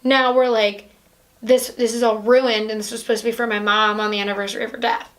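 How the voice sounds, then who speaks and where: A woman hosting a podcast retells a film in a casual, animated chat packed with "like"s and acted-out quotes. Her voice is a little high and a bit bright, with a flat delivery at a quick pace.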